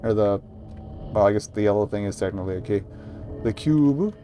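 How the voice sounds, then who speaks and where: A man streaming a game, talking through it in wry, low-key asides. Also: animated, fairly quick, dark tone, a little hiss or hum. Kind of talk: casual let's-play commentary.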